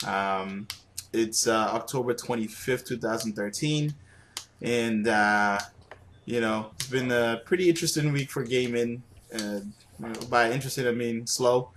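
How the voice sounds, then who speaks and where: A man's voice: mid-range voice, a little slow, a bit bright, slight background noise. A young man hosting a casual gaming podcast, joking and laughing often. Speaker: podcast host.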